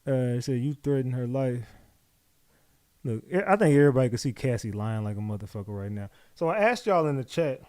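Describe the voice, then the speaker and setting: A man with a New York accent commenting live on a trial, reading updates aloud and talking to his chat in a profane, animated way. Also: mid-range voice, fairly quick, no room sound, studio quality. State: out of breath. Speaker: livestream commentator.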